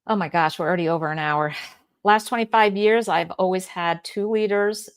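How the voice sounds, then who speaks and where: A woman's voice: on the low side, normal speed, smooth. A middle-aged woman hosting a live-stream Q&A, reading viewer comments aloud and answering in a chatty way with many fillers and restarts. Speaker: health channel host.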